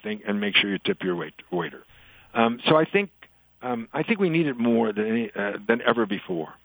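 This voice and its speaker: An older man talks as an interview guest, in a chatty storyteller's way. His voice gets animated when he delivers punchlines. The room sounds dry and close. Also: fairly low pitch, a little fast, no echo, rough recording. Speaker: author and guest. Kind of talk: interview conversation, telling jokes.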